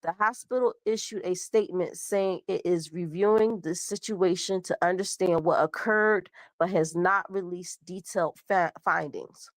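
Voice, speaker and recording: A woman's voice: fairly low pitch, normal speed, few pauses, no room sound. A young woman host with a cold, stuffed up, casually reading out a news story and stumbling over words. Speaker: show host.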